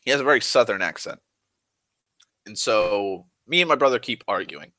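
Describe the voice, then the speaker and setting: A young man rambling through a casual vlog monologue, restless and full of restarts, swearing freely and swinging between loud and soft. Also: fairly low pitch, expressive, normal speed, no room sound. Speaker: vlogger.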